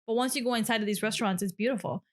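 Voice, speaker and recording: A woman in her late twenties, the guest, telling a story in a casual chat, emotional and animated, with many fillers and restarts. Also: fairly high pitch, racing. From Miami area. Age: late 20s. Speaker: guest lifestyle blogger.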